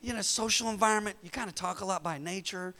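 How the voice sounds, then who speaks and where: A man's voice: high-pitched, fast, vocal fry, pushed and bright. A man, a pastor, preaching a sermon to his congregation, building emphasis and calling out to the room. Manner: preaching with rising emphasis and call-outs to the congregation. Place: church service.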